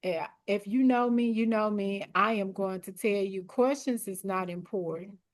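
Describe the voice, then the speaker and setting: Coaching students for an exam, this woman is direct and encouraging, repeating key points at a normal speed in a mid-range voice. As she goes on, she turns hoarse and clears her throat again and again.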